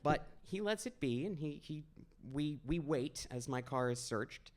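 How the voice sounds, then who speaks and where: A man's voice: on the high side, lively intonation, unhurried. A young man from Maine telling a personal story at a live storytelling event, in a conversational, wry, self-deprecating way. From Maine, USA. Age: 20s. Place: small stage at a storytelling event.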